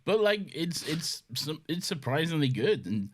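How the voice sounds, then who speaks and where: A man's voice: a little high, big pitch swings, measured pace, a little hiss or hum. A man co-hosting a casual film chat, blunt and teasing and swearing freely. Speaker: podcast co-host.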